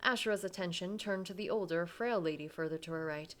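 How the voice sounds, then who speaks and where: A woman's voice: lowish voice, a little fast. A woman reading a visual novel aloud, narrating dramatically and breaking off for casual asides. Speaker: game player reading aloud.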